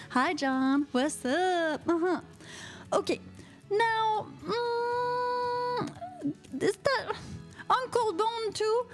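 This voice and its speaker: A French-Canadian woman from Quebec with a Quebec French accent, hosting a live-streamed internet radio chat show in a playful, theatrical way, filling pauses with uh-huh and mm-hmm while reading viewer comments. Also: very high-pitched. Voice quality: playful, theatrical, lots of uh-huhs and mm-hmms.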